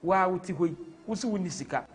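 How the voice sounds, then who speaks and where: Ghanaian guy hosting a football livestream, kinda high voice, fired up and rambling, mixes in twi. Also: quick pace. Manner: impassioned, rambling, switches into Twi. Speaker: host. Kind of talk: live stream football commentary and chat.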